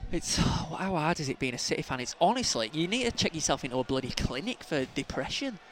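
A man, co-hosting a casual podcast while watching a match, joking and shouting at the game. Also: a little high, sing-song, a little fast. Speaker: podcast co-host.

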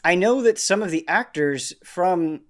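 A man's voice: sits high, lively intonation, unhurried. A man co-hosting a podcast, chatting casually in an easygoing way. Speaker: podcast co-host. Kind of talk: casual chat.

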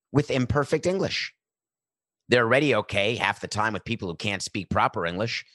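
Middle-aged male sports commentator, opinionated and emphatic, medium pitch, dead-dry recording. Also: pushed and bright, dry recording. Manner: emphatic, repetitive, building lists. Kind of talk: opinionated monologue.

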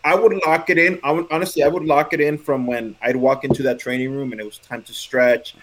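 A man and former pitcher telling stories in casual chat, acting out quoted lines. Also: fairly even intonation, fairly quick, noisy background. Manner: loose storyteller who acts out quotes.

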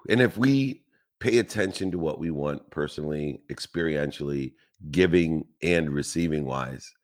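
A man's voice: a bass voice, unhurried. A man giving a motivational talk, speaking with emphatic rhetorical questions and long repetitive lists.

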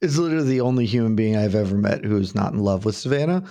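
A man from the southern United States co-hosting a casual sports podcast, chatting in a relaxed way and explaining things at length. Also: fairly low pitch, rapid-fire, creaky. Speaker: podcast co-host.

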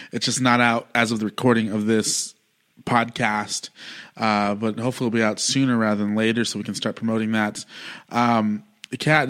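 A man's voice: lowish voice, fairly bright tone. A man hosting a podcast, talking casually in a rambling, chummy way with many fillers. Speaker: podcast host. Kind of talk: casual interview chat.

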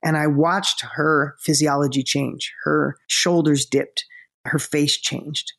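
A man speaking as a motivational guest in a conversation, telling stories with energy and emphasis and slowing down for the emotional moments. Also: a little high, level tone, creaky, fairly bright tone. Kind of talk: storytelling in a conversation.

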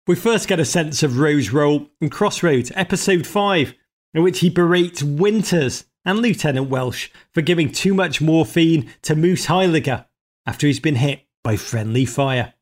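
A man hosting a podcast interview, enthusiastic and quick to laugh. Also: fairly high pitch. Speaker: podcast host. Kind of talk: casual interview chat.

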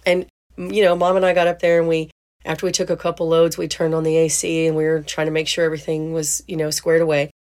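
A woman's voice: low-pitched, completely flat delivery, fast, a little mellow. A woman hosting a podcast, telling a story in a chatty way and laughing as she goes. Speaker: podcast host. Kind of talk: casual storytelling monologue.

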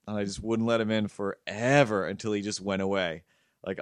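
Low-voiced man rambling through a story. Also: steady tone, a little fast, clear, resonant tone, no room sound, studio quality. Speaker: podcast host. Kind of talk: casual chat.

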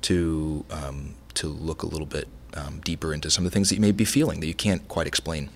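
Middle-aged male chef guest, deep gravelly voice, chatty and meandering in conversation. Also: brisk. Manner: rambling, many restarts, animated storytelling. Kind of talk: casual interview conversation.

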